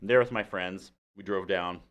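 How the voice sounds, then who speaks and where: A man with a Canadian accent and a fairly low voice chats on a local podcast. He tells stories in an easy way and slips into the voices of the people he quotes. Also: normal speed. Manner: animated storyteller, acts out quotes. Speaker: podcast host. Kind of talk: casual chat.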